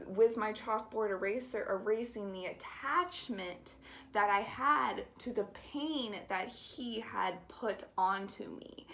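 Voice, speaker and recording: Young woman vlogger, heartfelt personal story, gentle and hesitant, occasional whispered phrases. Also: medium pitch. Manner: soft, halting and heartfelt, drops into whispers.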